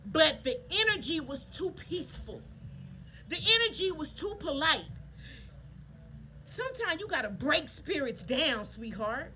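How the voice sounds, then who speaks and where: A woman, telling a story casually to viewers while doing her nails, animated and preachy. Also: sits high, a little slow, a little hiss or hum. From Southern United States. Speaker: nail artist vlogger.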